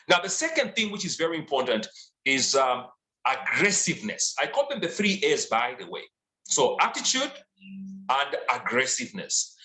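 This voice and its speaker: A man delivers a motivational sales training talk, hammering his points with emphatic repetition. His voice sits high and swings widely in pitch. The sound is roomy, with a clear echo. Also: bright, forceful tone. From Zambia. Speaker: sales and leadership trainer, guest speaker.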